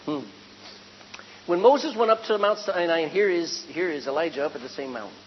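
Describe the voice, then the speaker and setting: Lively male preacher in an echoing hall. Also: on the high side, brisk. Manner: lively, conversational, shifting from loud emphasis to hushed tones. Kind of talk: sermon. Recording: dull, echoey hall with faint hum.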